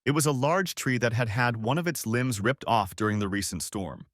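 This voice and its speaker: A man reading a first-person story as scripted narration, in a dramatic, expressive way. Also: mid-range voice, normal speed, no room sound, studio quality.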